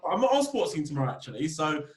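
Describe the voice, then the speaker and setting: A man, a football club captain, chatting as a podcast guest and telling lively stories about the game. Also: quick pace, a little hiss or hum. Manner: animated storyteller, rising pitch when telling funny stories. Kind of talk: casual interview chat. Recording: roomy echo.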